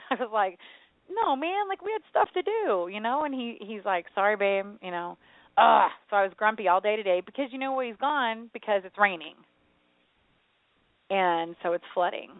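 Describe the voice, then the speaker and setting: A woman's voice: mid-range voice, dry recording. Chatty woman on a tinny radio line. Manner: chatty, rambling, animated storytelling. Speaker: radio show co-host. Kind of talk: casual chat. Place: home. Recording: tinny phone-like radio sound, dry.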